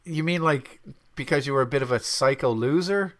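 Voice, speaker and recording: A man's voice: mid-range voice, a little fast, a bit bright. A man co-hosting a casual film commentary, sarcastic and exasperated, often mimicking the characters.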